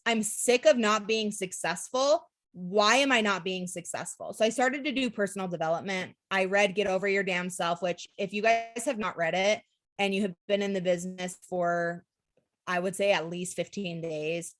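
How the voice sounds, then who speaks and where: A woman's voice: on the low side, steady tone, moderate pace, dry recording. A young woman from Utah telling her network marketing story in a casual, candid way, full of "like" and "literally" and the odd swear word. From Utah, USA.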